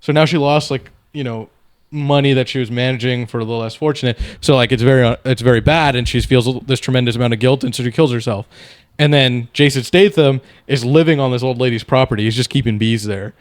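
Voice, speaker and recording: Young guy on a podcast, swears a lot, rambles through stories, mid-pitched voice. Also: fairly even intonation, a little fast, dry recording. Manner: loose, profane, rambling storytelling. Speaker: podcast co-host. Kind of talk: casual podcast banter.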